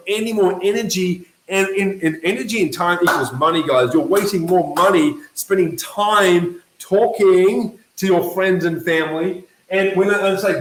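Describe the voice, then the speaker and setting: A network marketing coach delivers a motivational talk to camera in an echoey room, his high-pitched male voice animated and emphatic. He keeps checking in with "okay?" and "right?" and livens things up by acting out quoted voices.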